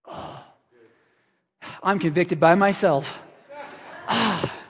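High-voiced male pastor, reverberant hall. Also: drawn-out words, fairly bright tone, husky. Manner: conversational, self-deprecating, acts out prayers. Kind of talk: sermon.

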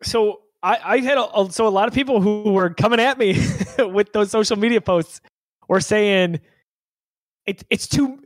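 A man hosting a movie podcast in casual chat, asking quick upbeat questions. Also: high voice, no echo, studio quality.

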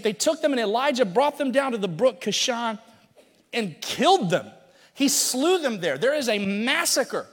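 A man preaching in a loose, animated storytelling style. His voice sits high. A long hall reverb follows his words around the room. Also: normal speed. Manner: casual, animated storytelling with slang. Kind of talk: sermon.

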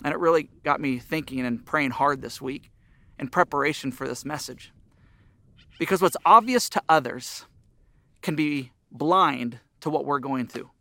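A man's voice: on the high side, moderate pace, gravelly, sharp tone, no echo. Earnest preaching man, dry close sound. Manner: earnest preaching, voice rising and dropping for emphasis. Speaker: pastor. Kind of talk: sermon.

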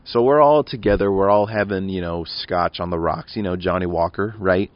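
A man's voice: low voice, moderate pace, no room sound, muffled recording. A young man hosting a podcast, telling a rambling, profane story about his weekend and acting out what he and his friends said. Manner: rambling and profane, quotes himself and friends in raised voices. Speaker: podcast host. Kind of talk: casual monologue storytelling. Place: at home.

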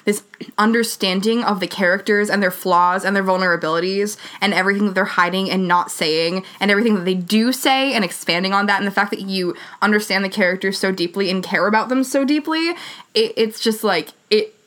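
A woman's voice: mid-range voice, a little fast. Gushing young woman host. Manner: gushing, excitable fan enthusiasm. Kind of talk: casual chat.

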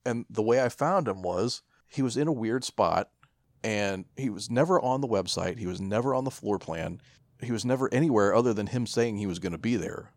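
A man's voice: fairly low pitch, a little fast, darkish tone, dry recording. A man co-hosting a podcast, telling a story in casual chat, rambling with restarts and swearing. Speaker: podcast co-host.

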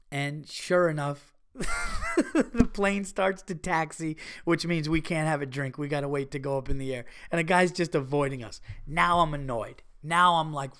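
A man with a fairly high voice tells a story in a loose, animated way. He swears casually and slips into the voices of the people he quotes. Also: vocal fry. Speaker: podcast host.

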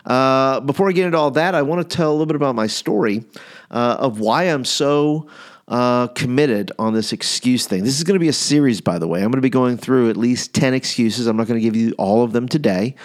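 A man's voice: mid-range voice, a little fast. A man in his forties giving a casual teaching talk on youth ministry, rambling with fillers and restarts as he tells a story. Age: 40s.

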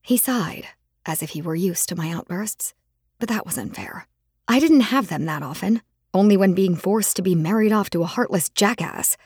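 Husky-voiced woman narrating an audiobook. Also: mid-range voice, moderate pace, no room sound, studio quality. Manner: dramatic, expressive storytelling. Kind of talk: first-person scripted narration.

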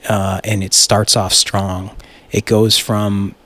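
Young male solo podcaster, low-ish voice, casual and excitable, lots of swearing and false starts. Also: slow pace. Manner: rambling, excitable, swears freely, many restarts. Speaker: podcast host.

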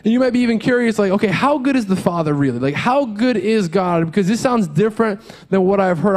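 A man in his thirties preaching a sermon as a pastor, earnest and conversational, mixing quick asides with slow emphatic lines. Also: sits high, a little mellow.

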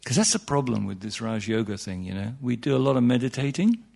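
A man's voice: mid-range voice, lively intonation, quick pace, creaky, darkish tone, breathy edge. A man giving an informal, humorous talk on meditation to an audience, full of asides and "you know"s, his voice jumping up for emphasis. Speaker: meditation teacher.

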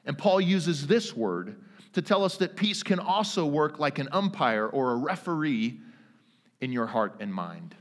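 A man in his thirties preaching a sermon, earnest and emphatic, with dramatic pauses. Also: fairly high pitch, very animated. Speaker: pastor. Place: church sanctuary. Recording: long reverb of a church hall.

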